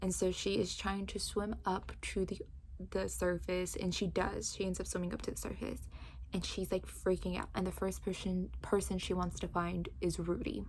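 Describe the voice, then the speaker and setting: A woman recapping a book's plot in casual chat, telling it with lively energy and many fillers like "like". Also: on the low side, moderate pace, a little hiss or hum. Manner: animated storytelling with frequent "like". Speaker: book reviewer.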